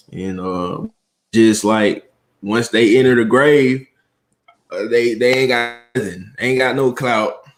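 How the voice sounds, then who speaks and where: A man from Atlanta, a guest on a livestream, speaking slowly and thoughtfully with many pauses and fillers. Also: mid-range voice. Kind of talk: casual livestream chat.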